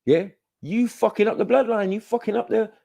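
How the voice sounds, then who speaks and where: A man's voice: sits high, brisk, vocal fry, warm tone. A man, hosting a livestream in a laid-back, slangy way. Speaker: livestream host. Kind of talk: casual livestream talk.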